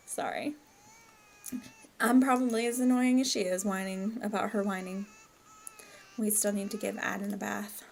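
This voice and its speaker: A woman's voice: fairly high pitch, measured pace, vocal fry, long pauses. A woman giving casual let's-play commentary, chatty and apologetic, often laughing at herself. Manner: chatty, apologetic, giggly asides. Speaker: gameplay commentator.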